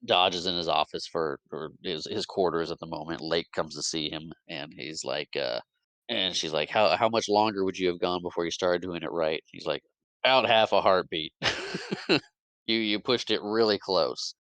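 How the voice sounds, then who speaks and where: A man on a podcast giving an animated, casual recap of a movie plot, jumping into quick character voices between fillers and restarts. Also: sits low, no room sound. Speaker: podcast co-host.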